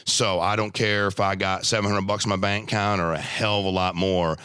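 A man in casual podcast talk, animated and emphatic, acting out the people in his stories. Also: deep voice, brisk, clean tone, dry recording, studio quality. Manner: animated, emphatic, acts out dialogue. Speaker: life insurance agency owner.

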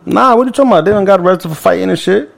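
A man's voice: sits high, very fast, gravelly. A man co-hosting a podcast, telling a long story in a loose, profane, laughing way among friends. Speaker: podcast co-host.

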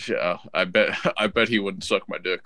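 A young man co-hosting a podcast, his voice bright and forceful. He rambles, curses freely and gets worked up. The sound is dry and close, with little room. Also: low-pitched, moderate pace, no room sound. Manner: profane, rambling and excitable. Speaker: podcast co-host. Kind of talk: casual podcast banter.

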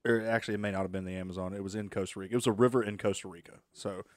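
A man's voice: lowish voice, steady tone, rapid-fire, dry recording, clean studio sound. A man, co-hosting a casual podcast and telling a story full of swearing. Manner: profane, storytelling, laughs while telling. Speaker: podcast co-host. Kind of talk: casual chat.

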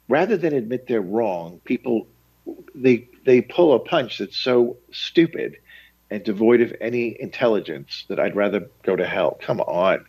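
Priest host, low husky voice, emphatic and moralizing, dull lo-fi radio sound. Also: male voice, a little mellow. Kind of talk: radio talk reflection.

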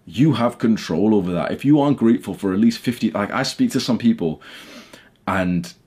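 A young man with a husky, somewhat low voice talks straight to camera from his bedroom. He is blunt and heated, swears freely, and keeps pushing his point at the viewer. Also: animated, a little fast, a little mellow. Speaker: YouTuber. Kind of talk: casual talk to camera.

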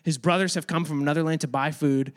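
High-voiced man teaching a Bible lesson. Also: fast. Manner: chatty, animated, addresses kids directly. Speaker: youth or kids' ministry teacher. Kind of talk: casual Bible lesson to kids. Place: room with children.

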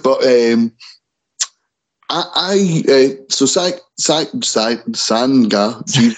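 A man's voice: medium pitch, expressive, drawn-out words, low-quality recording. A man co-hosting a wrestling chat show in a casual way, often stumbling and restarting over names. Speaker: wrestling podcast co-host.

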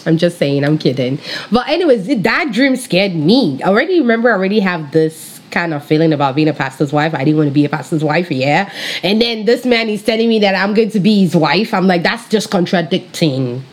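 A bubbly woman pastor in her thirties tells her personal testimony with a Nigerian accent that carries some British influence. Her voice rises and falls in a wide, animated melody. She laughs often and speaks straight to her viewers. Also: fairly low pitch, brisk. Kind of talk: personal faith testimony, casual storytelling.

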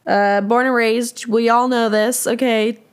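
A young woman from San Diego, California, telling a story on her podcast in an animated, profane, self-deprecating way. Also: a little high, unhurried, clear, resonant tone. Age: young adult. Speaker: podcast host. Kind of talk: casual storytelling monologue.

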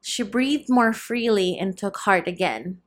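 A woman reading a novel aloud as audiobook narrator, in a steady, measured storytelling voice. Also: medium pitch.

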